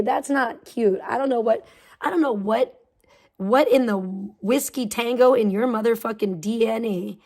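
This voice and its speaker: Profane, gravelly-voiced woman livestreamer ranting. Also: mid-range voice, a little mellow. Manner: profane, mocking rant. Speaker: livestream host. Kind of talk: livestream commentary.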